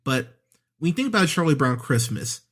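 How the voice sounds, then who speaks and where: A man's voice: on the high side, very animated, moderate pace, fairly bright tone, husky. Profane, sarcastic male movie reviewer. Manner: profane, sarcastic, exasperated, mocking impressions. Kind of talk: ranting casual movie review.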